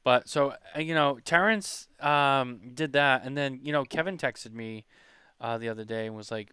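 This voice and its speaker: A man's voice: mid-range voice, moderate pace, pushed and bright, clear, resonant tone, dry recording. A man hosting a podcast in casual chat, rambling and chatty as he reads comments. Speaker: podcast host.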